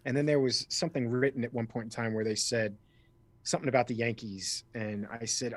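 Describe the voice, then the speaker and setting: Recorded with no room sound, a Miami man speaks at a medium pitch in a steady, brisk tone, with a slight East Coast accent. As a guest actor in a casual interview, he tells stories in a chatty, rambling way full of restarts.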